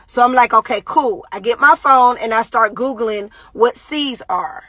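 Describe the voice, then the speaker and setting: A young adult woman streaming live to her viewers, speaking haltingly about her daughter with many fillers and pauses. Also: a little high, fairly bright tone, no echo. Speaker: parent giving a live video update.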